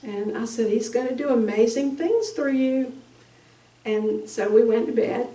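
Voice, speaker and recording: Slow, halting woman in an echoey room. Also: on the high side, lively intonation, mellow. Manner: slow, halting, emotional storytelling. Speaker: bereaved mother speaking at a conference. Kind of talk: personal testimony. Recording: echoey room, distant mic.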